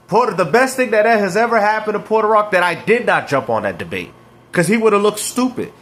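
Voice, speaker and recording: A man's voice: high voice, a bit bright. A man reacting to clips and ranting about video games, mocking and slangy, laughing at his rivals. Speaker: gaming commentator.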